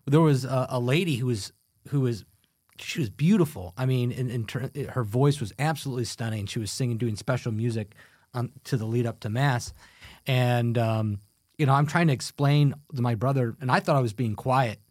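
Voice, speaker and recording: An animated man chatting as a podcast guest, laughing often as he tells stories. His voice sits at a middle pitch. The sound is dry and close, with no room echo. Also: moderate pace. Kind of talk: casual chat.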